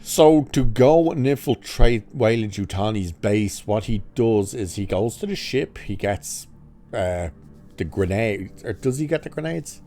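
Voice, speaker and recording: A man's voice: on the low side, warm tone. A man casually recapping a film's plot as a reviewer, sarcastic, swearing, and mocking scenes with exaggerated quoted lines. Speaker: movie reviewer.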